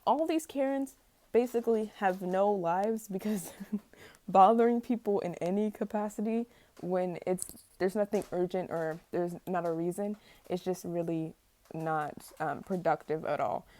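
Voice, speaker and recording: A woman's voice: lowish voice, a little slow, warm tone. A young woman ranting casually to camera, rambling and exasperated, stumbling over words and laughing at herself. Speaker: vlogger.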